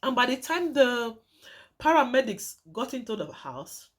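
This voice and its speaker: A young woman with a somewhat high voice talks straight to her viewers as she recounts a true story. She is emphatic and dramatic, repeats key phrases for weight, and keeps calling her audience "guys". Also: sing-song, a little slow. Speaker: vlogger telling a true story.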